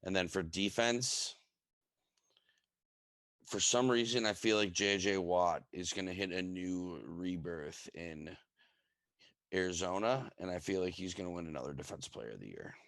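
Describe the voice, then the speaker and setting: A man's voice: sits low, moderate pace, gravelly, a bit bright, no echo. A young man co-hosting a podcast, chatting casually about sports in a brash manner and swearing freely. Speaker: podcast co-host.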